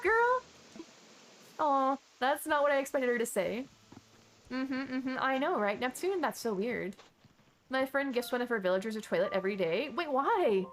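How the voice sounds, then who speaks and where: A woman streaming a game and chatting casually, rambling along with sudden excited exclamations. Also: on the high side. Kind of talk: casual gameplay chat. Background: chill background music.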